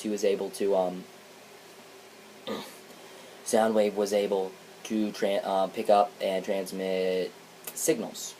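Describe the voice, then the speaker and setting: A man's voice: on the low side, dark tone, a little hiss or hum, rough recording. A man giving a casual spoken comic review, rambling and hesitant, often restarting his sentences.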